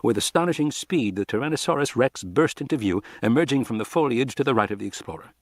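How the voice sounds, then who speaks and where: A man narrating an audiobook in an expressive, dramatic reading style. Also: mid-range voice, quick pace, dry recording, clean studio sound.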